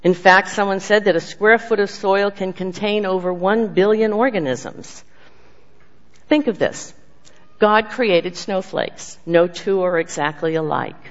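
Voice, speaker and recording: Earnest devotional speaker, emphatic then hushed, mid-pitched, muffled lo-fi recording with a long hall tail. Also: measured pace. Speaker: speaker giving a devotional message. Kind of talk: sermon with personal testimony. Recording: dull lo-fi sound with long hall reverb.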